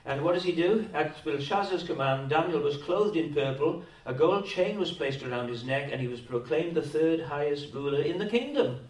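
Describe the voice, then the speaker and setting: A man's voice: on the high side, expressive, moderate pace, hardly any pauses, darkish tone. A man with a Welsh accent preaching a sermon as a pastor, pressing his points with repeated words and rhetorical tag questions. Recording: echoey hall, distant mic.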